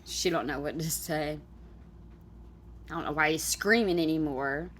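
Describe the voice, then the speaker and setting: A woman's voice: deep voice, measured pace, very noisy. Chatty woman reacting to a clip. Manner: chatty, exclaiming, laughing asides. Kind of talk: casual reaction commentary.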